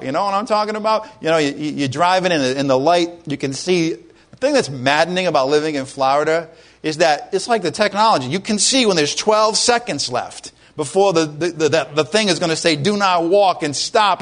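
A pastor preaching a sermon in a conversational way, asking his congregation questions and rising to loud exclamations. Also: fairly high pitch, expressive, fairly quick.

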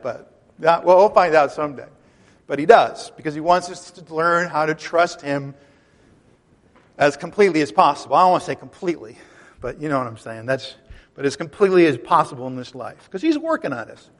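A pastor preaching a sermon in an animated, emphatic way, mixing conversational asides with his teaching. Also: on the high side, a little fast, big-room sound.

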